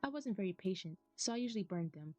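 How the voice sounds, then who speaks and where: A woman's voice: medium pitch, expressive, fast, darkish tone, soft background music, close to an everyday voice. American woman reading as a sweet deer villager. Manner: affectionate, says darling.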